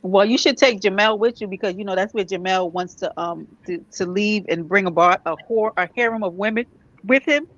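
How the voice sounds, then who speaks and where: A woman from New York chatting casually as a vlogger, animated, with quick asides and laughs. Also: mid-range voice, dry recording, muffled recording. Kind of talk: casual chat.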